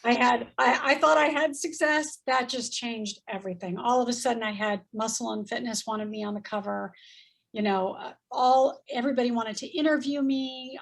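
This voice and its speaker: A woman in her fifties telling a story in casual chat, animated and acting out voices as she goes. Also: on the high side. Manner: animated, acts out voices in quotes, laughs often. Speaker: guest.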